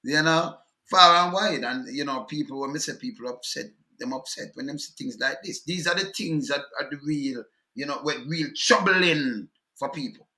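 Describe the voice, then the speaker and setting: A man's voice: medium pitch, normal speed, hardly any pauses, bright, forceful tone, echoey room. A man with a Jamaican accent hosting a call-in talk show, easygoing and affirming. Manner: easygoing, affirming, patois-laced. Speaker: host.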